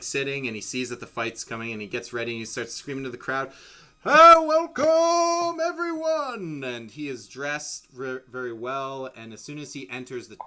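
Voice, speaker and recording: A man's voice: mid-range voice, sharp tone. A man narrating a tabletop game as game master in a casual, rambling way with many restarts. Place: home streaming setup.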